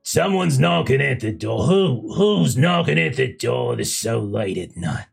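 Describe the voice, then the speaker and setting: A man voicing a hunched, gravelly old village mother who bellows at her husband and coos over her son. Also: extremely low pitch, very animated, unhurried, soft background music, pitched above the performer's own voice, exaggerated voice. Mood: cranky shouting. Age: older.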